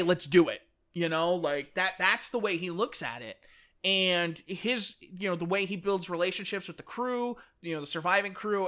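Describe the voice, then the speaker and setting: A man co-hosting a casual podcast chat, animated, often acting out characters' lines. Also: high voice. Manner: animated, fast-talking enthusiast who acts out characters' lines. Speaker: podcast co-host. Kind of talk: casual chat about books.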